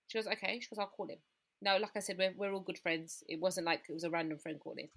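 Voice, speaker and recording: A woman's voice: medium pitch, steady tone, quick pace, vocal fry, a bit bright. A woman, telling her personal story as a guest in an interview, candid and full of quoted dialogue.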